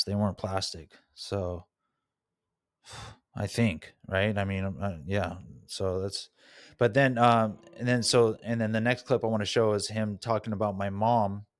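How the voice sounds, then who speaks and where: Low-voiced man musing candidly on his past. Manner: candid and soul-searching, with occasional laughs. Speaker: podcast host. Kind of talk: reflective solo podcast monologue.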